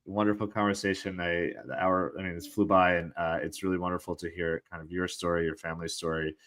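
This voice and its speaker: A man's voice: deep voice, level tone, quick pace, fairly bright tone. A man hosting a podcast who chats in a casual, friendly way as he wraps up an interview. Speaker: podcast host.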